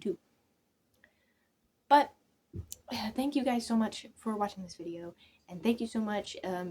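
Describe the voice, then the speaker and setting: A woman's voice: a little high, mellow, slightly rough. A young woman chatting casually to her viewers, rambling, trailing off and restarting, often sinking to a near whisper. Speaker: channel creator. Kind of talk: casual chat to camera.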